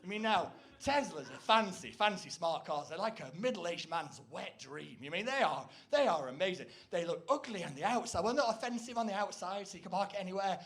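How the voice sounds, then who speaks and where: A man performing a rambling, self-deprecating stand-up comedy set on stage, breaking into loud, shrill impressions. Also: expressive, fairly quick, few pauses. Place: stage before a live audience.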